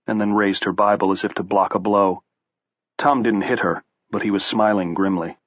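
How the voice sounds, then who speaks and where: Male audiobook narrator, low voice, steady measured read, dry and dull lo-fi sound. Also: no room sound.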